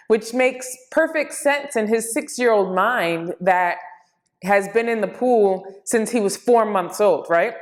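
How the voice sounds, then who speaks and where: A woman's voice: medium pitch, takes it slowly. Woman in her forties telling a personal story. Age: 40s. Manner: conversational, reflective, animated in retellings. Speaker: speaker.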